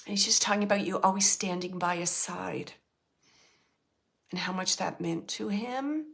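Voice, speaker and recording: A woman medium relaying messages to an audience member, speaking softly, often dropping to a hush, with frequent restarts. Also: fairly low pitch, moderate pace, vocal fry. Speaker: medium giving readings. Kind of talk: live mediumship reading to an audience.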